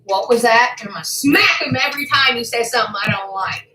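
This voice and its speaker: A woman on a livestream, furious and profane, who swings between shouting and a low, seething voice. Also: expressive, quick pace, reverberant, noisy background. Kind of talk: angry livestream rant.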